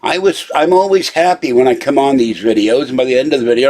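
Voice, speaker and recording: A man hosting his own channel talks casually at his computer in a live video rant, complaining at length in an irritated, rambling way. His mid-range voice is fast with a darkish tone.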